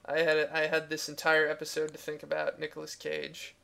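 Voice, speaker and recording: Gravelly-voiced male podcast host. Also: fairly high pitch, monotone, a little fast, crowd noise. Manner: joking, wry, leads segments. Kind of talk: casual podcast banter.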